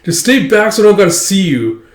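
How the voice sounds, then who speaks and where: A man voicing a bratty, proud rich schoolboy in a loud, huffy, raised voice. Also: high-pitched, sing-song, brisk, reverberant, voice pushed up.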